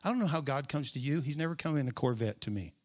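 A male pastor preaching a sermon, repeating key phrases with emphasis, drawing them out and now and then dropping to a hushed aside. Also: medium pitch, expressive, fast.

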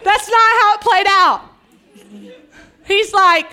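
A woman pastor delivers a sermon with animated humor, acting out Bible scenes as she goes. Her voice sits high and rings bright and forward. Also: takes it slowly, pauses often. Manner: animated, acts out scripture dialogue with humor.

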